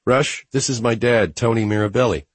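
Bubbly young woman, upbeat and raised higher, voiced by a male narrator, husky, dry audiobook read. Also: brisk, no room sound, natural voice. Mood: cheerful. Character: cheerful playful young woman.

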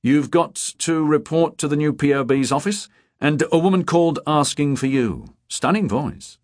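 A man reading a story voices an eager young male detective, chatty and excitable. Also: on the high side, normal speed, no echo, studio quality, pitched above the performer's own voice, close to an everyday voice.

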